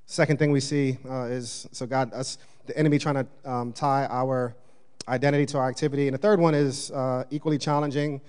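A man's voice: medium pitch, fairly even intonation, fairly quick, darkish tone, clear, resonant tone. A man preaching a sermon as a pastor, earnest and conversational, with casual slang and fillers.

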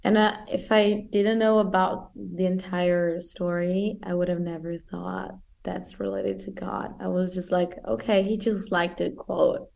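A woman's voice: on the low side, measured pace, vocal fry, few pauses, darkish tone. A woman co-hosting a podcast in casual chat, enthusiastic and sometimes searching for the right words. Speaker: podcast co-host.

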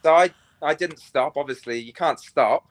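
A man's voice: a little high, moderate pace, dry recording. A young man, a podcast guest on a remote call, telling rambling, crude stories in casual chat with lots of fillers.

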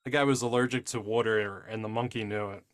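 A man's voice: lowish voice, fairly even intonation, fast. Man with dry jokes about a movie. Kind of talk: casual riffing movie commentary.

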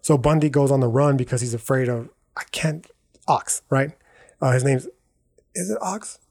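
A man's voice: medium pitch, normal speed, darkish tone. A man hosting a podcast in a casual, slangy monologue, profane and rambling, checking in with "right?" and "dog" as he goes. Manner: rambling, self-correcting. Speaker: podcast host.

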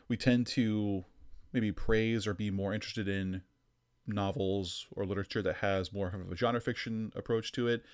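A man with a fairly low voice hosts a casual podcast chat. He rambles loosely and leans on "like" as he works through his points, in an easygoing conversational tone. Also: smooth. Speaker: podcast host.

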